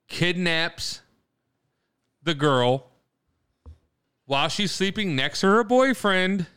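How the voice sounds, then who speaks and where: A man is chatting on a podcast and spinning out a loose, rambling story with casual swearing. His voice is bright and crisp and sits slightly high. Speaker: podcast co-host.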